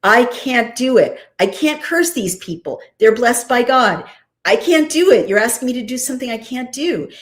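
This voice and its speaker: A woman's voice: low-pitched, a little fast, mellow, pitched below the performer's own voice, lightly acted. A woman voicing a male soothsayer who bluntly refuses a king's request to curse a people. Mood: insistent.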